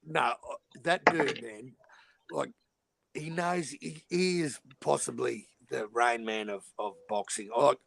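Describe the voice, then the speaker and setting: A man's voice: mid-range voice, slow, creaky, a bit bright, no room sound. A man with an Australian accent hosting a live stream, swearing through crude casual banter. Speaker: channel host. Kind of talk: casual chat.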